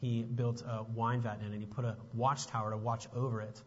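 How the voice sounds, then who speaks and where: A man preaching a sermon as a pastor, moving between relaxed chat and pointed, emphatic questions. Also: medium pitch, brisk, husky. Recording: muffled sound with long reverb.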